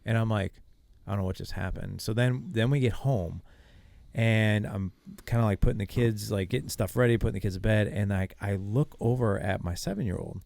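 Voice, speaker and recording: A man's voice: on the low side, a little fast, creaky, dry recording. A middle-aged man, a podcast guest, telling a story casually and acting out the dialogue. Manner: animated, acts out quoted dialogue.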